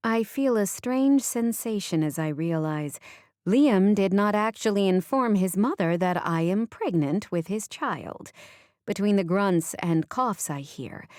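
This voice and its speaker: A woman reads a first-person romance audiobook in a wry, conversational way. Her voice sits low for a woman. The recording is dry and close, made on a studio microphone. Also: darkish tone, dry recording. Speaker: audiobook narrator.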